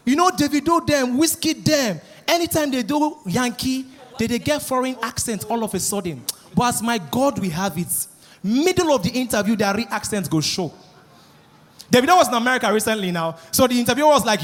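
A male stand-up comedian with a Nigerian accent telling an animated story. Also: extremely high pitch, a little fast. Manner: animated storytelling with character voices. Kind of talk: stand-up routine.

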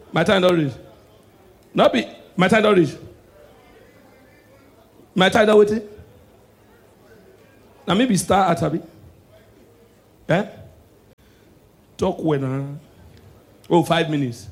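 A man with a Nigerian accent performing stand-up comedy, swinging between hushed asides and shouted punchlines. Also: high voice, takes it slowly, vocal fry, pauses often.

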